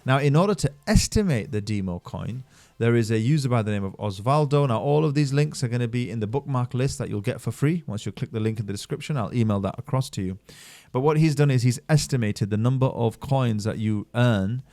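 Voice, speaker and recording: An upbeat man narrates a screen-share explainer for his own channel. He keeps the pitch mid-range for a man, but his voice swings between bursts of excitement and quieter asides. His delivery is energetic and salesy. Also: brisk. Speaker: channel host reviewing mining projects.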